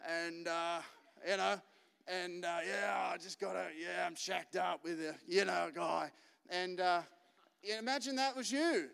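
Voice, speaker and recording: Male pastor, joking storyteller, fairly high voice, smooth tone, long hall reverb. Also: a little slow, fairly bright tone. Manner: chatty, joking, acts out quotes. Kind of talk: lively sermon with anecdotes. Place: large church hall. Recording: live church recording with long reverb.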